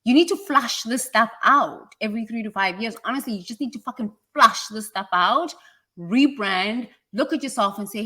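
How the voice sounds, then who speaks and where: A South African woman with a British-tinged accent giving a passionate motivational talk, swinging from quiet asides to loud, emphatic repeated lines. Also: fairly high pitch, moderate pace. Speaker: speaker on personal growth.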